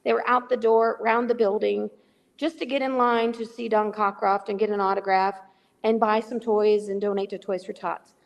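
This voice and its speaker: A woman's voice: medium pitch, moderate pace, gravelly, in a large hall, dull audio. A middle-aged woman telling a story in a casual chat as a remote guest, acting out the dialogue. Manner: animated, acts out dialogue in quotes. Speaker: guest, charity volunteer. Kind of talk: casual storytelling on a call-in podcast. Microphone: remote call.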